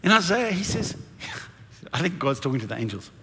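Impassioned preacher with bright, soaring voice. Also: male voice, on the high side, big pitch swings, moderate pace, pauses often, husky, big-room sound. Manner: impassioned, dramatic build-ups with congregation call-and-response. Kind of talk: sermon.

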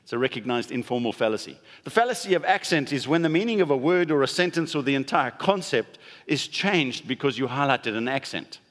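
A man's voice: medium pitch, expressive, fairly quick, fairly bright tone. A man pastor giving a conversational sermon, leaning hard on stressed words for emphasis. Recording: long hall reverb.

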